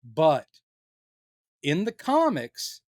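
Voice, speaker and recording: A man with a fairly high, animated voice, joking his way through a casual podcast chat. He slips into silly voices for quotes. The sound is close and dry, with no room around it. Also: extremely slow, dry recording. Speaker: podcast co-host.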